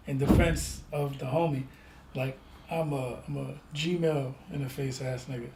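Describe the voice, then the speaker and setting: Animated man telling stories in an echoey room. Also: medium pitch, unhurried. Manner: animated storyteller, acts out voices in his anecdotes. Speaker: podcast co-host. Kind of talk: casual chat. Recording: echoey room with faint ambient noise.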